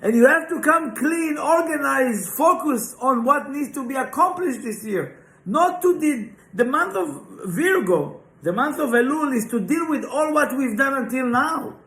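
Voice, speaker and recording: High-voiced man teaching in an echoey room. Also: lively intonation, a little slow, a bit bright. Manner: emphatic, full of rhetorical questions and "right?" check-ins. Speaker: Kabbalah teacher. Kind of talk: informal spiritual lesson. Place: class room, live and online.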